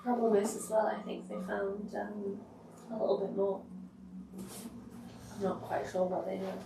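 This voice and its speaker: A woman playing a tabletop game, giggly and self-deprecating, turning low and secretive in character scenes. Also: level tone, normal speed, creaky. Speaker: player. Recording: roomy and distant with faint noise.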